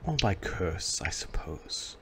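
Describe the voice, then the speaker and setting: A man voicing a sly, ancient female Medusa who speaks slowly and calmly. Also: deep voice, full character voice. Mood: ominous.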